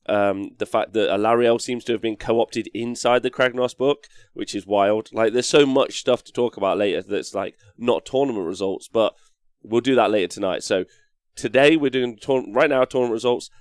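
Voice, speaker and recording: A man hosting a live-streamed show, talking in a rambling, energetic way with a hoarse, worn-out voice as he reads out chat messages. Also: mid-range voice, no echo, clean studio sound. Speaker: host.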